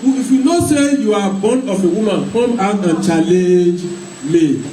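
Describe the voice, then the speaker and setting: A man's voice: high-pitched, measured pace, dark tone. A man voicing a boastful giant warrior who taunts his enemies, in a sermon retelling. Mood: taunting. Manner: taunting challenge. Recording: echoey hall, mic far off, faint noise.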